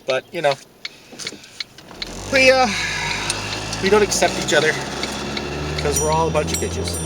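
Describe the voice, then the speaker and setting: A man vlogging from his car in a parking lot, ranting sarcastically and swearing, breaking into mocking high yells. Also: very animated, unhurried, heavy background noise. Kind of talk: casual vlog ranting while driving.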